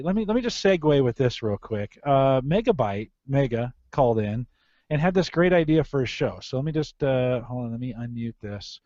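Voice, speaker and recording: A man's voice: medium pitch, mellow, no room sound, muffled recording. A man hosting a casual tech podcast, chatty and often correcting himself mid-sentence. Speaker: podcast host.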